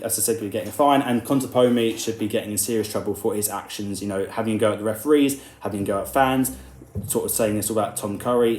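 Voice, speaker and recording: A man giving an opinionated rugby commentary, animated and indignant, sometimes mimicking the people he quotes. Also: medium pitch, roomy sound.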